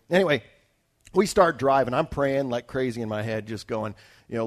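A man's voice: medium pitch, animated, a little fast. A man from Alaska, a traveling evangelist, telling a personal testimony story in a conversational way, with restarts and asides to his listeners. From Alaska, United States.

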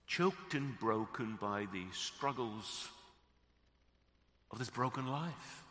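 A man preaching a sermon as pastor, slow and deliberate, dropping soft and then rising to emphasis. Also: mid-range voice, lively intonation. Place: church sanctuary. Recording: echoey church hall.

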